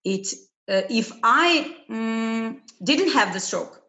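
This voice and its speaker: A woman speaking in conversation, hesitant, with many fillers and pauses. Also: a little high, animated, sharp tone, reverberant. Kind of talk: casual conversation.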